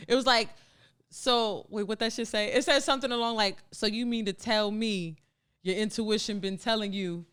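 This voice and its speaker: A woman co-hosting a laid-back podcast conversation, her voice smooth and clean. She talks in an animated, expressive way, full of casual slang and lively storytelling. Her pitch sits in an ordinary middle range. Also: normal speed. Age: adult with a young daughter. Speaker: podcast co-host. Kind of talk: casual chat.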